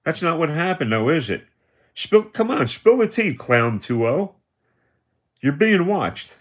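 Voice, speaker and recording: A man's voice: fairly high pitch, very animated, normal speed. A man in his seventies ranting on a livestream, taunting and accusing, repeating himself as he goes. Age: 70s. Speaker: livestream host. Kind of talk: confrontational livestream rant.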